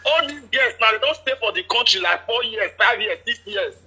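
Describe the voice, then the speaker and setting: A man caller speaking Nigerian Pidgin, explaining things at length in a steady, detailed way. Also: high voice, brisk, slightly rough, highs cut off. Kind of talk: casual chat.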